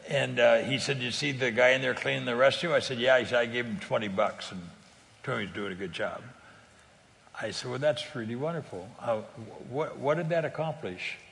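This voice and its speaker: An older man from California speaks in a gravelly, middle-pitched voice. He tells stories earnestly and conversationally, stumbling over repeated words and laughing easily. A long reverb trails behind his voice. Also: fairly bright tone. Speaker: guest speaker on faith sharing. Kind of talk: conversational testimony.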